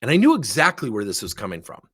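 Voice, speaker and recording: At a quick pace, a slightly husky middle-aged man acts as a leadership speaker, sharing anecdotes in a motivational talk. His pitch ranges widely during his animated storytelling, and rhetorical questions come up again and again.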